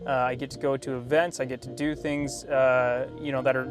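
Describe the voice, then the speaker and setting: A young man, a car vlogger, telling a story to camera in a detailing shop, animated and laughing, with many fillers and restarts. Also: medium pitch, normal speed, music in the background.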